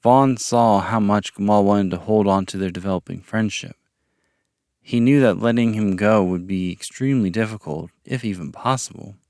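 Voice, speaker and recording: A man narrating a story podcast in a calm, measured reading voice. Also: on the low side, no echo, clean studio sound. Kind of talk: audiobook-style story narration.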